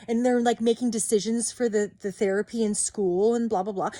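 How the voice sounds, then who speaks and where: Woman vlogger, angry rant, swearing, higher voice, dry close sound. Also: steady tone, warm tone, no room sound. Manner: heated, swearing, rapid swings in intensity.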